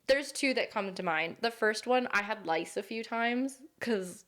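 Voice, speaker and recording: A woman's voice: fairly high pitch, lively intonation, a little slow, a bit bright. A young woman co-hosting a casual chat, telling childhood stories bluntly, swearing freely and laughing as she talks. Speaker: co-host.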